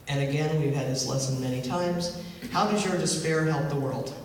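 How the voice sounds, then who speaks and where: A man's voice: on the high side, a little fast, hardly any pauses, a little hiss or hum. Man, minister, sermon in a big echoey hall, heard from a distance, talks to the congregation with questions. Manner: conversational, asks the congregation questions. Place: church hall.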